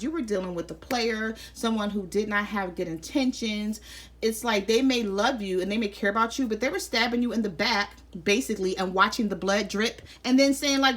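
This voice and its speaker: A woman's voice: mid-range voice, a bit bright. A woman giving a casual tarot reading, chatty and conversational, often checking in with "okay?". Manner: chatty, repeats "I'm feeling like" and "okay?". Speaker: tarot reader.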